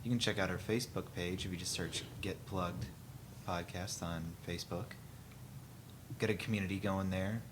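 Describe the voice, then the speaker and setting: A man with a low voice gives the show's plugs in a dry, joking tone. He sits a good way from the mic, and a clear hiss runs under the home podcast recording. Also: fairly even intonation, normal speed. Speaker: podcast co-host. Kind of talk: casual chat. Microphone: sitting far from the mic.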